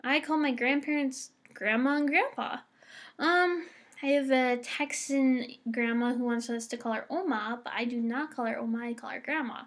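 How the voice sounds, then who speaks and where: A young American woman reads words for an accent challenge in a casual, bubbly vlog. Her voice sits high and she speaks at a moderate pace.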